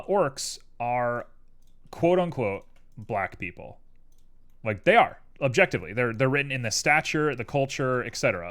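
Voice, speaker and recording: A young man talks through a live stream as he builds a model. His speech is loose and chatty and jumps between tangents. Keyboard clicks and typing tick along behind him. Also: fairly low pitch. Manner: rambling, tangential, animated. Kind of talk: casual live-stream chat while 3D modeling.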